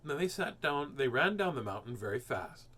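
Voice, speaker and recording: A man reading a children's storybook aloud as host, expressive and animated. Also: medium pitch, normal speed, slightly rough. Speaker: children's book reader, host.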